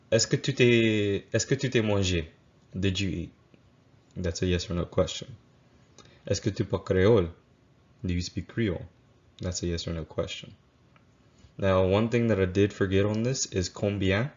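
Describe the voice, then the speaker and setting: Low-voiced man teaching patiently. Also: a little mellow. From Louisiana. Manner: patient, repeats each example slowly, self-correcting. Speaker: language teacher. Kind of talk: recorded slideshow lesson. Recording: dull lo-fi voice recording.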